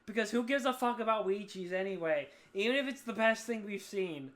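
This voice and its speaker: A man co-hosting a podcast while drunk, rambling loudly and swearing in casual chat. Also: sits high, a little fast. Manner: rambling, loud, profane. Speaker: podcast co-host. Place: at home, on the floor.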